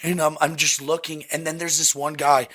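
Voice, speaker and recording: A young man hosting a podcast, telling a story in a casual, animated way, swearing and laughing often. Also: fairly high pitch, normal speed, slightly rough. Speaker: podcast host.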